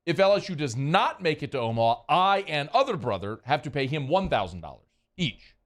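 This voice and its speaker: Animated male sports radio host. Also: on the high side, a little fast. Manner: animated, teasing, storytelling. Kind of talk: casual sports talk. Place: radio studio. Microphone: studio microphone.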